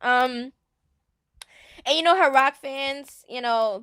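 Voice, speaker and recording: Sassy high-voiced woman streamer. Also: slow, bright, forceful tone, clean tone, no room sound, clean studio sound. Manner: blunt, sassy, laughs often. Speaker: stream host. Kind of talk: casual commentary chat.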